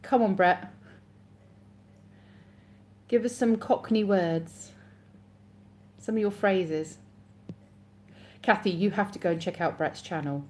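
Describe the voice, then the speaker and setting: A woman's voice: medium pitch, slow, pauses often, darkish tone, a little hiss or hum. An English woman hosting a casual live stream, chatting and reading viewer comments aloud with frequent laughs. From England.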